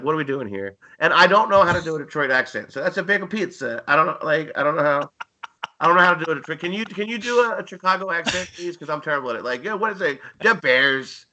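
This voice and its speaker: A man's voice: fairly high pitch, animated, fast, pushed and bright. A man co-hosting a casual sports chat, rambling and joking with lots of fillers. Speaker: co-host.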